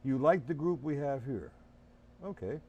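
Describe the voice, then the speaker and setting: A man's voice: mid-range voice, expressive, measured pace, darkish tone, lo-fi sound. An older man teaching a live-streamed drum lesson, chatty and instructive, calling on viewers by name, with drumming behind him.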